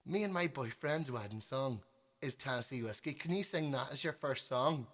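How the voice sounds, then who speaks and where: A woman's voice: rumbling low, expressive, normal speed. A man voicing a pushy, tipsy woman who keeps heckling a musician to hurry up. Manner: bossy, impatient, repeats herself.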